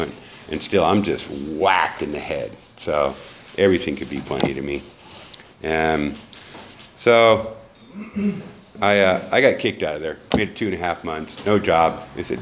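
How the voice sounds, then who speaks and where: A man's voice: low voice, slight background noise. A middle-aged man telling his recovery story in a candid, profane, rambling way, full of restarts. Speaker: recovery speaker. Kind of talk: personal testimony storytelling.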